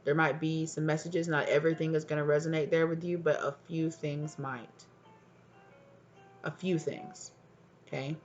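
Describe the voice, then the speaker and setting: A deep-pitched woman reads tarot for her viewers, talking directly to them in a gentle, soothing way and checking in on them often. The sound is dull and lo-fi, with soft music playing faintly underneath. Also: flat delivery. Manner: affectionate, speaks directly to the viewer with frequent check-ins; soft and soothing, deliberately lowered voice. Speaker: tarot card reader. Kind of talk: tarot reading addressed to viewers.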